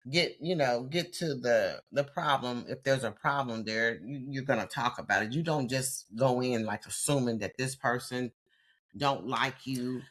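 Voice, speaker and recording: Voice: mid-range voice, normal speed, a bit bright. A podcast co-host in casual chat who thinks aloud and builds each point step by step. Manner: reflective, builds points step by step, many backchannels.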